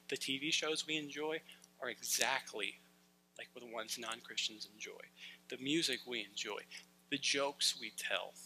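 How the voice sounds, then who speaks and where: A middle-aged male pastor giving an animated sermon to a congregation, sometimes shouting as he acts out scenes. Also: medium pitch, slight background noise, rough recording.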